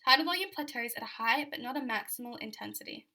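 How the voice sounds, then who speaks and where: A woman's voice: a little high, lively intonation, fast talker, pushed and bright. A young Australian woman giving a chatty exam revision lecture, full of fillers and repeated key points.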